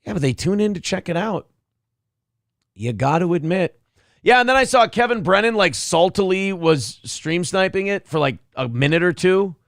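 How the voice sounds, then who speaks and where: A man hosting a casual livestream, reading super chats in a profane, rowdy way with sudden loud outbursts, a little drunk. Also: high-pitched, animated, moderate pace, no room sound, clean studio sound. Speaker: livestream host.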